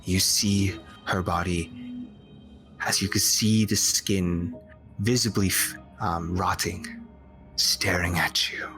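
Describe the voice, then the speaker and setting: A low-voiced man runs a tabletop game, describing the scene at an unhurried, deliberate pace. His tone is bright and clear, and he often pauses on fillers as he searches for words, over faint music. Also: fairly even intonation. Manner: slow descriptive storytelling, halting with fillers. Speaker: game master.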